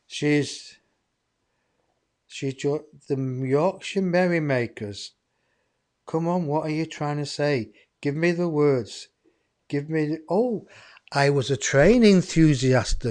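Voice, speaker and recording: A man's voice: on the high side, slow, pauses often, darkish tone. A man hosting a live psychic medium show, rambling and chatty as he talks to his viewers. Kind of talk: live-streamed channeling show.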